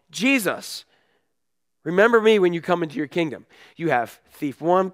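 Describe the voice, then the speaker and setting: A man delivers a sermon with a slightly raised pitch. He talks casually to his listeners and drops into quick acted voices. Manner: animated, conversational preaching with voiced asides. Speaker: pastor.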